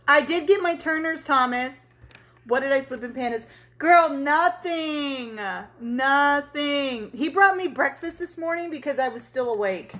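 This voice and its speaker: A woman with a high, fairly bright voice runs a casual tumbler crafting livestream, telling a story chattily as she works. She talks to viewers, answers them, and laughs and swears freely.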